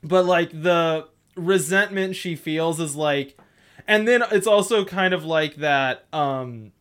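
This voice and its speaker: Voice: mid-range voice, takes it slowly, fairly bright tone, clean tone. Rambling chatty podcast host. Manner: rambling, heavy use of "like", frequent laughter. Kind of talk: casual podcast chat.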